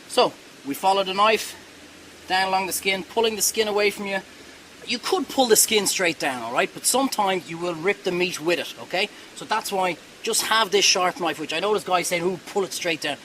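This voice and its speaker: A man's voice: high voice, moderate pace, sharp tone, a little hiss or hum, poor audio. A man hosting a cooking show, talking viewers through a hands-on demonstration in a chatty, reassuring way that wanders off topic.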